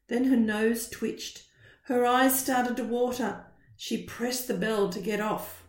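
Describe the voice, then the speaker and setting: A woman reading a children's picture book aloud in a slow, expressive storytelling style. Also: mid-range voice. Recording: roomy echo.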